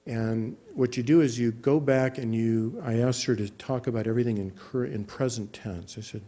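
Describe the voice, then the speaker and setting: A male clinician who teaches relaxation imagery recounts a patient's story in a teaching talk. His medium-pitched voice is calm and measured, though he restarts frequently.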